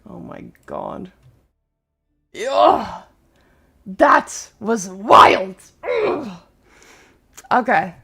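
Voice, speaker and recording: Gravelly, animated woman streaming gameplay. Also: mid-range voice. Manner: animated, blunt and swears freely. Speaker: streamer playing a strategy game. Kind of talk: live gameplay commentary.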